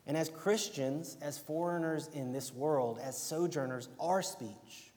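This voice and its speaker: A man's voice: on the high side, measured pace, a little mellow. A young man with an Alabama accent giving a casual, conversational sermon, often checking in with "right?". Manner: conversational, keeps asking "right?". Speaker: preacher. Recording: long hall reverb.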